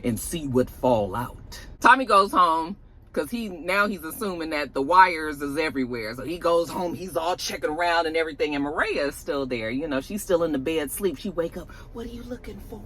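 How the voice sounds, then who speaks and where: A woman's voice: deep voice, a little fast. A woman giving a sassy, casual recap of a TV episode as the show's reviewer. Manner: sassy, animated, cursing. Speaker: TV show reviewer.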